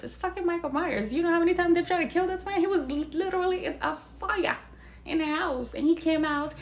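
A young woman chatting casually about a film, animated and incredulous, swearing freely as she talks. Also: sits high, gravelly. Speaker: vlogger reviewing a film. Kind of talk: casual reaction chat.

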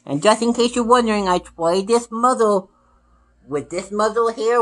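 A man's voice: sits high, normal speed. A man in a casual unboxing vlog, playfully speaking in a pup persona and dropping a barked "woof" between his sentences. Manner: punctuates talk with barked woofs. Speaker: vlogger.

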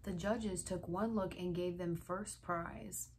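A woman's voice: on the low side, fairly even intonation, slow pace, a little hiss or hum. A woman reading a chapter book aloud to children, with chatty asides and frequent laughs.

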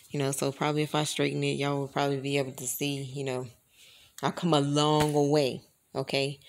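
A woman vlogger chatting casually to her camera, rambling and calling her viewers y'all. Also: deep voice.

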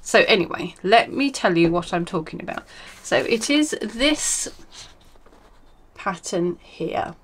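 A woman's voice: medium pitch, lively intonation, slow, a bit bright, slight background noise. A woman hosting a crafting podcast from home, chatting casually and rambling, with many ums and self-corrections. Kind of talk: casual chat.

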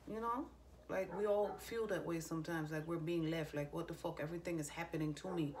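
A woman's voice: low voice, fairly even intonation, fairly quick, noisy background. A woman psychic giving channeled messages in a loose, stream-of-consciousness way, swearing freely and trailing off mid-thought. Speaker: psychic medium. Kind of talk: casual spiritual channeling talk.

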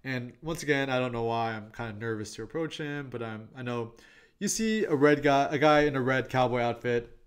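A man presenting tips on street photography in a relaxed, chatty way. He talks quickly and tells his stories with plenty of "um" and "I'm like", at a middle pitch. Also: clear, resonant tone. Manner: chatty and quick, with many fillers and "I'm like" asides. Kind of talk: casual presentation with anecdotes.

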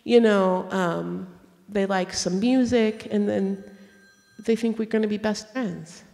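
A woman author in a stage conversation, telling stories in an animated way, laughing and acting out the people she quotes. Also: medium pitch, takes it slowly, vocal fry. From United States. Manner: animated, laughing storyteller who acts out quotes. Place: auditorium stage. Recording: long hall reverb from a public event.

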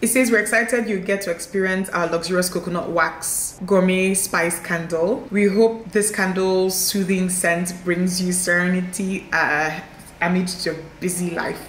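A woman's voice: fairly low pitch, steady tone, a little slow, reverberant, slight background noise. A young woman, chatting effusively to viewers as she unboxes a haul at home. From Nigeria. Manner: effusive, exclaiming and addressing viewers as guys. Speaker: vlogger. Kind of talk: casual haul vlog.

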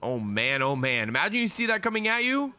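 A young man streaming a live anime reaction, excitable and slangy, swearing often as he comments. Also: a little high, a little fast, smooth.

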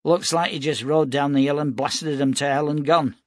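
Eager polite lad, put on by a male reader, raised pitch, dry. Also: fairly even intonation, moderate pace, no echo, natural voice. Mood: earnest. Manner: earnest, polite. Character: eager young male cadet hopeful.

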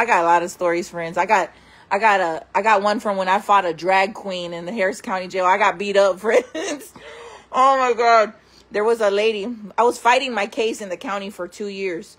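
A woman vlogger with a medium-pitched voice tells wild stories casually, laughing a lot and calling her viewers friends. When she quotes other people, she acts them out in loud, raised voices.

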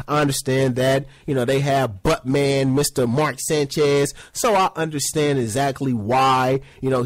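A man giving a casual sports opinion rant, acting out other people in high mocking voices. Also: no echo. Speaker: sports commentary host.

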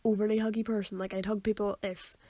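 A woman's voice: mid-range voice, little pitch movement, fast, warm tone, no room sound. A young woman, co-hosting a casual podcast, talking hesitantly with many restarts. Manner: hesitant, full of likes and restarts. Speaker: podcast co-host. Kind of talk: casual chat.

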